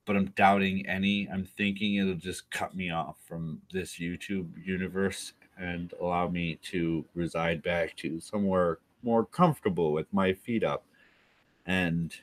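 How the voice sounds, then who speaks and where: A man's voice: low voice, fairly even intonation, a little slow, dry recording. A man hosting a live stream alone, drunk and rambling in a jokey, self-mocking way.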